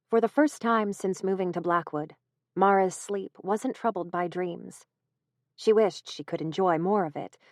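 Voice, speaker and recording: A woman reading a horror audiobook in a measured, even storytelling manner, close to the mic. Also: medium pitch, no echo. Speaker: audiobook narrator. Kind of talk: scripted narration.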